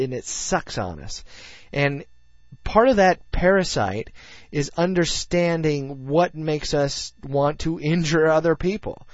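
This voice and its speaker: A man's voice: a little high, no echo. A man hosting a casual faith podcast, talking earnestly and rambling with many fillers, recorded in a dull, lo-fi way. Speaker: podcast host. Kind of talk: casual faith talk show.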